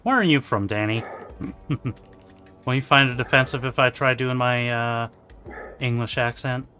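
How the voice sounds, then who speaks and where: A man's voice: medium pitch, moderate pace, bright, forceful tone, faint music behind. A man playing a video game on stream, chatting casually with his viewers. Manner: chatty, talks to viewers, laughs. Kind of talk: casual let's-play commentary.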